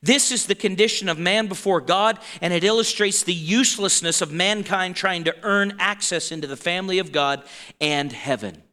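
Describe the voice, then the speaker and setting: A man's voice: sits high, normal speed, bright, forceful tone, in a large hall. A man preaching a sermon as pastor, talking in a conversational way that stops and restarts often, with asides to the congregation. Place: church sanctuary.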